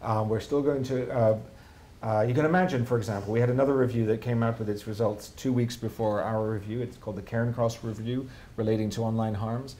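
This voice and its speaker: A man with a Canadian accent speaking at a conference event, wry and lively, with rhetorical questions. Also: mid-range voice, brisk, slight background noise. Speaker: panel speaker. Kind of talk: public talk, answering questions. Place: conference hall.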